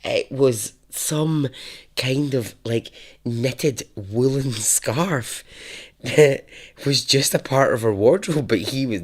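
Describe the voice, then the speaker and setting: A man's voice: medium pitch, slow pace. A man hosting a podcast, telling a story casually with frequent laughter and chatty asides. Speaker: podcast host.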